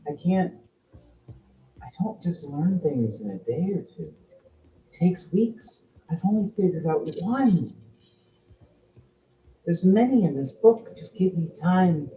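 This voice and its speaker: A man voicing an earnest young princess who pleads softly in a tabletop game. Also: sits high, sing-song, slow pace, pauses often, reverberant, far from the mic, lo-fi sound, slight background noise, pitched above the performer's own voice, full character voice. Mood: pleading. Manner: pleading, soft-spoken. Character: young female princess, earnest studious hybrid.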